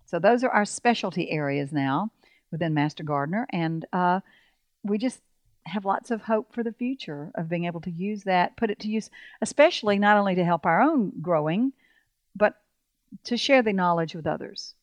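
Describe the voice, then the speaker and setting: A woman's voice: on the low side, expressive, normal speed, no echo, muffled recording. A woman co-hosting a farm radio show in casual chat, earnest and full of ums. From Alabama, US. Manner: warm and earnest, with many ums.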